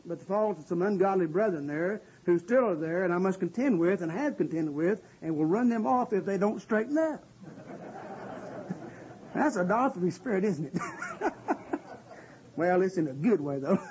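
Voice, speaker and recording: A man preaching a sermon and explaining scripture in an earnest, conversational way, often pausing with "uh.". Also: high-pitched, darkish tone, breathy edge. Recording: dull lo-fi recording.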